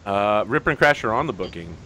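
A man narrating and running a tabletop wrestling game as game master, lively and casual. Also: lowish voice, quick pace. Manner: lively, puts on crowd voices.

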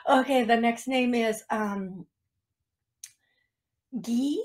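Her voice is on the high side with a darkish tone, and she talks very slowly. She's an American woman hosting a psychic medium radio program, chatty, self-deprecating, and quick to laugh at herself in casual talk.

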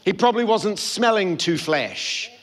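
A man's voice: high voice, lively intonation, unhurried. A man preaching a sermon, telling the story and acting out the quoted voices. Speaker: pastor. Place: church hall.

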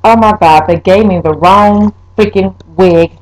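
A woman's voice: unhurried, a little mellow, a little hiss or hum, low-quality recording. Exasperated woman venting to her camera. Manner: exasperated, swears, talks to viewers directly; pitch leaps when upset. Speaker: wig reviewer. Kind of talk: casual vlog, ranting.

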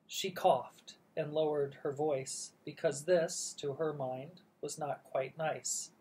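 A woman reading a children's book aloud as a gentle, unhurried bedtime story. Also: low voice, expressive.

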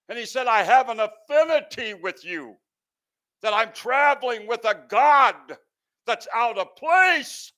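A male pastor preaching an impassioned sermon that swells loud and sinks low, sometimes stumbling over words. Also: animated, unhurried. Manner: impassioned, swells and drops in volume.

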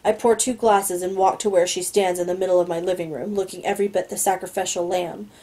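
A woman's voice: lowish voice, steady tone, fast talker, mellow, rough recording. A woman reading a novel aloud, stumbling on words now and then and adding her own asides. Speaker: reader.

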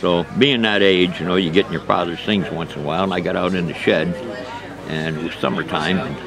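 An older man recounts his trapping life in a relaxed, folksy way, often opening with "well". His voice sits very low with a rough, gravelly fry. A busy crowd chatters behind him at an outdoor gathering. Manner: folksy, unhurried, starts sentences with "well". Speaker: fur trapper interviewed. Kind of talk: interview storytelling.

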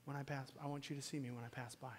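A man preaching a sermon to his church, swinging from loud, pleading peaks down to a hushed whisper. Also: mid-range voice, level tone, very fast, slight background noise. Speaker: pastor. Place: church sanctuary. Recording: long reverb of a church hall.

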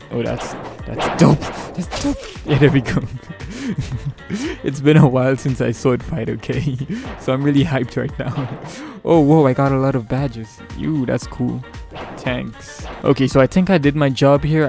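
A man's voice: mid-range voice, creaky, darkish tone. A man giving live gameplay commentary as a gaming YouTuber, with playful mock-villain trash talk and frequent laughs.

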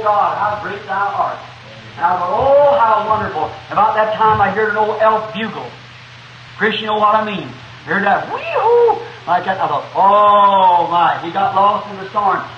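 A man preaching a revival sermon, telling a story in a fervent, folksy way that rises to shouts, recorded on an old 1960s tape in a meeting hall. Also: sits high, dull audio, a little hiss or hum.

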